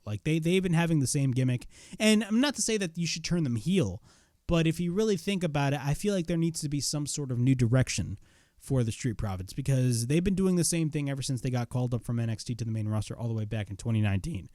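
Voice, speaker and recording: A young man giving a casual spoken wrestling review, blunt and excitable, swearing freely. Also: mid-range voice, dry recording, clean studio sound.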